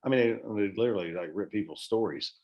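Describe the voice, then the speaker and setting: A man's voice: on the low side, fast, dull audio. A man chatting casually as a podcast guest, rambling with many restarts and swearing freely. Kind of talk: casual chat.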